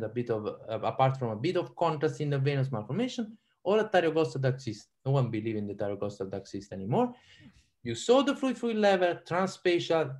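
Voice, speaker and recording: A man with an Italian accent giving a live online radiology lecture, quizzing his audience and often repeating himself. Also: a little high. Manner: animated, quizzes audience with frequent ums and repeats.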